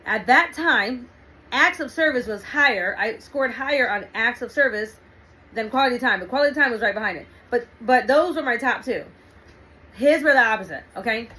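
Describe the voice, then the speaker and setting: A middle-aged woman hosting a relationship talk, telling a personal story in a chatty, animated way with frequent laughs and fillers. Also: a little high, moderate pace, poor audio. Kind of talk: casual storytelling monologue.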